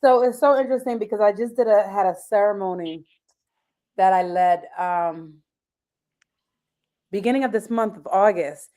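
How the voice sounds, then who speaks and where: A woman with a mid-pitched voice chats over a video call. She is bubbly and talkative, tells stories at a lively clip, and laughs often. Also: moderate pace, long pauses. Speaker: live stream co-host. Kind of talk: casual live-stream chat.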